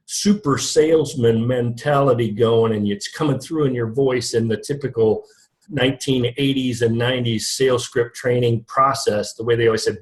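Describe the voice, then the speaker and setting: A middle-aged man talking shop as an interview guest. He keeps it loose and conversational, restarts his sentences often, and laughs at his own jokes. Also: mid-range voice. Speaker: guest, lead generation company founder. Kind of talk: casual interview talk.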